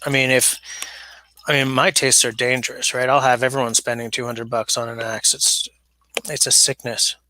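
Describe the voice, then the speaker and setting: Rambling through a casual livestream in his basement, a man reads out viewer comments in a flat, mid-range voice at normal speed. His tone is bright and forceful, the recording is dry, and his mic is smaller than his usual one.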